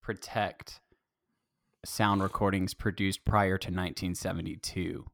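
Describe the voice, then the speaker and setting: A man's voice: deep voice, flat delivery, measured pace, gravelly, no room sound, clean studio sound. A man co-hosting a podcast in casual chat, laughing often and rambling. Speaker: podcast co-host.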